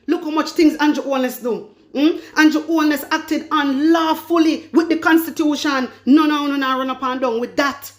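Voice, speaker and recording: Fiery high-voiced Jamaican woman commentator. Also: fairly even intonation, moderate pace, hardly any pauses. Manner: fiery, repetitive, heavy patois. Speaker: political commentator. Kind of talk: political commentary vlog.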